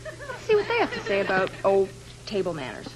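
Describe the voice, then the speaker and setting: A woman's voice: mid-range voice, wildly swooping pitch, brisk. A woman hosting a sketch comedy show, gushing and chattering breathlessly. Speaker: sketch show host and cast member. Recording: noisy old TV recording.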